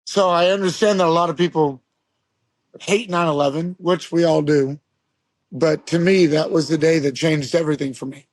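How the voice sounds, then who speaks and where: A man's voice: a little high, steady tone, normal speed, no room sound. A man in his forties from Las Vegas, a guest telling stories casually, rambling with fillers and swearing. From Las Vegas, USA. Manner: profane, rambling storyteller with many fillers. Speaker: guest, pro skateboarder. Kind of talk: casual storytelling. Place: podcast studio.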